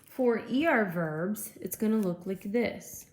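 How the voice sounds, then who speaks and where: A woman's voice: medium pitch, animated, slow pace. Woman teacher walking students through notes, patient, echoey room w/ a little hiss. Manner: patient, explains step by step with frequent okays. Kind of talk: classroom lecture. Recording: echoey room, faint noise.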